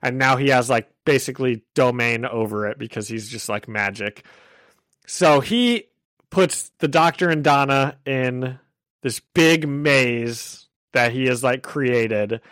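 A young man co-hosting a podcast, recapping a show in an excited, rambling way full of "like". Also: mid-range voice, a little slow, no echo. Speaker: podcast co-host. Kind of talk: casual chat.

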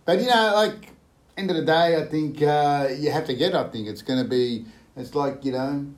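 A man's voice: a little high, normal speed. A man co-hosting a casual podcast chat, rambling and often saying "you know what I mean". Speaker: podcast co-host.

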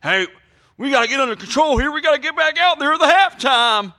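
A man doing a flustered, shouting football coach. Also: very high voice, expressive, fairly quick, pitched above the performer's own voice, full character voice. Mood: pleading pep talk. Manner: shouty, pleading pep talk with repeated clapping cues. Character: flustered male high school football coach rallying players. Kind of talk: comic impression in a podcast.

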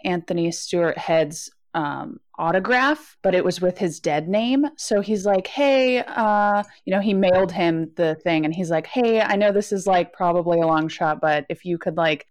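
A woman's voice: normal speed, few pauses, no echo. Giggly woman podcast host, dry mic. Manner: giggly, easygoing, hesitant. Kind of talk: casual chat and reading posts aloud. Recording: dry, low-quality mic.

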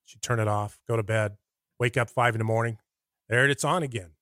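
A man's voice: lowish voice, a little fast, dry recording. Dry-miked Midwestern man telling stories. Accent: American Midwest. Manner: rambling, animated anecdotes with acted-out quotes. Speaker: radio personality guest. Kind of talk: conversational storytelling.

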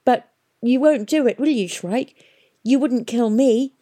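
A woman's voice: medium pitch, moderate pace, warm tone, voice pushed up, close to an everyday voice. A woman voicing a fierce young woman fugitive in an audiobook, with a thin, brittle, tense manner. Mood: pleading. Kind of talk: audiobook reading.

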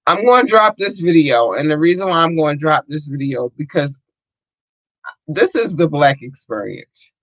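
A man's voice: a little high, expressive, moderate pace, fairly bright tone, dry recording, dull audio. A man hosting a casual podcast livestream, talking loosely to his listeners with lots of fillers, slang and swearing. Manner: rambling, profane, many fillers, addresses listeners as y'all. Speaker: podcast host.

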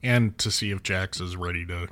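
A man with a slightly low voice chatting as a podcast co-host. He is easygoing and agreeable and keeps up a joking banter. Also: normal speed, fairly bright tone. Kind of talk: casual chat.

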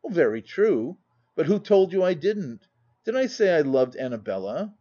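Brash, boisterous young country gentleman, voiced by a male reader, storybook audiobook, mellow and a little high, dull lo-fi sound. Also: big pitch swings, normal speed. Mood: teasing.

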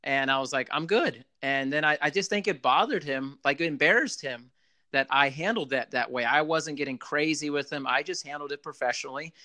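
Man, casual storyteller, bright forward tone, dry close sound, ex club manager, lively delivery. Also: a little high, fairly quick, no echo. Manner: animated, repeats "you know" often. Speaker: former club general manager.

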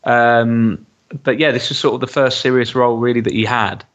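A man's voice: medium pitch, steady tone, moderate pace, fairly bright tone, highs cut off. A man co-hosting a podcast, chatting casually about a TV episode with lots of ums and restarts. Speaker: podcast co-host. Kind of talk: casual chat reviewing a TV episode.

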